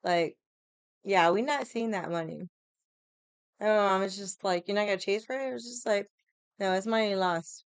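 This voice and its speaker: A woman vlogger telling stories in a casual, animated way, swearing often and acting out other people's lines. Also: mid-range voice, normal speed, long pauses, clear, resonant tone, dry recording. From Hawaii. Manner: animated, profane, laughs often, acts out quotes. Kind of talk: casual storytelling chat.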